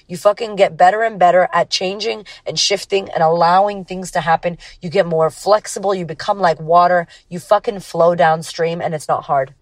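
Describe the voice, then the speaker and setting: A woman's voice: fairly low pitch, dry recording. A woman hosting a podcast, talking casually in a blunt, emphatic way with frequent swearing. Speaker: podcast host. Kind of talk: casual motivational podcast monologue.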